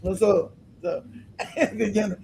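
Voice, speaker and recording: A man hosting a livestream, delivering emphatic, animated commentary and laughing often as he talks. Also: sits high, takes it slowly, vocal fry, a little hiss or hum. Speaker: livestream host.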